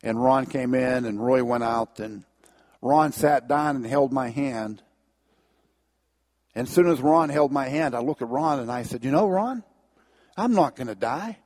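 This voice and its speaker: A man's voice: mid-range voice, unhurried, darkish tone. A middle-aged man giving an earnest personal testimony to an audience, with his voice swelling at the key moments.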